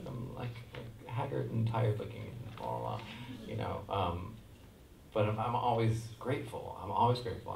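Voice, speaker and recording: A man in his forties answering at a convention panel, telling stories with halting restarts and chuckles. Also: low-pitched. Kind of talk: rambling anecdotal panel answer. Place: large convention hall. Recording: echoey hall, far from the mic, noisy.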